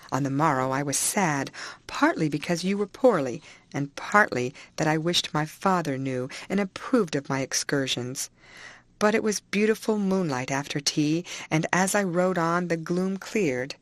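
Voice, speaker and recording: A woman reading a classic novel aloud in a steady, measured way, recorded close at home. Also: low voice, dry recording. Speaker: audiobook reader.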